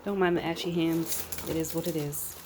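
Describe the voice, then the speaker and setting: A woman's voice: low-pitched, steady tone, moderate pace, darkish tone, slight background noise. A mother vlogging casually from her quarantine apartment, narrating with dry, teasing humor.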